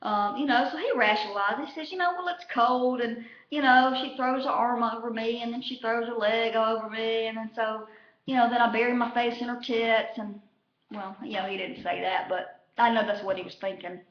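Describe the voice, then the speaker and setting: A woman's voice: a little high, fairly even intonation, brisk. A woman chatting casually about a reality show, profane and rambling, full of fillers. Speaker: vlogger recapping a reality show. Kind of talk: casual chat. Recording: echoey room, dull lo-fi sound.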